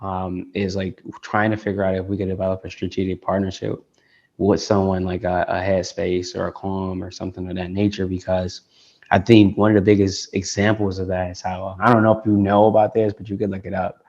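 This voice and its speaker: A man's voice: sits low, flat delivery, a little fast, darkish tone. A man from Detroit, a tech founder being interviewed, talking casually and rambling with lots of "like" and restarts. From Detroit, United States. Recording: dull lo-fi call audio.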